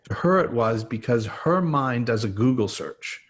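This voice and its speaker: A man's voice: medium pitch, lively intonation, moderate pace. A man, an expert guest on a podcast, explaining trauma through everyday examples. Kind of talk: explanatory interview talk.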